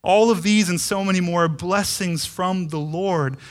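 A man in his thirties, a pastor preaching a sermon with animated emphasis and frequent repeated words. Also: sits high, normal speed.

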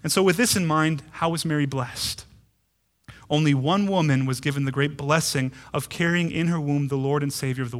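Male pastor, 30s, sermon, bright higher voice, emphatic, stumbles on repeated words.

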